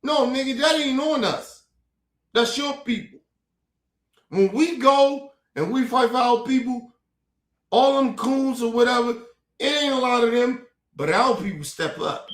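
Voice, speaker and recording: A man's voice: very high voice, a little slow, a bit bright. A man streaming a heated, profane commentary rant, repeating his points with fired-up force. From United States. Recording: roomy echo.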